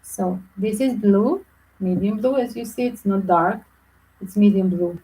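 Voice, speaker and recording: A woman with reading tarot cards for viewers, chatty and animated, with small slips in her phrasing. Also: mid-range voice, measured pace, poor audio. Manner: chatty, animated, non-native English with slips. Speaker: tarot reader.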